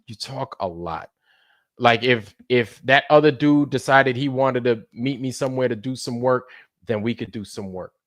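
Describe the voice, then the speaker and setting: A man streaming live, ranting in a heated, profane way, repeating himself and swinging between low mutters and loud outbursts. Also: dry recording, studio quality. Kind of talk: heated livestream rant.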